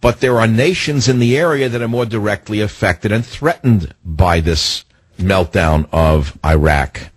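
Husky older man ranting on talk radio. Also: fairly low pitch, unhurried, no room sound, rough recording. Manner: emphatic, repetitive, combative. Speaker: radio talk show host. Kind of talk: political talk radio monologue.

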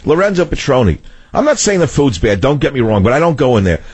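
Loud combative New York radio host. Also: male voice, medium pitch, big pitch swings, quick pace, breathy edge, dry recording. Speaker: radio talk show host. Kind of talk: talk radio monologue.

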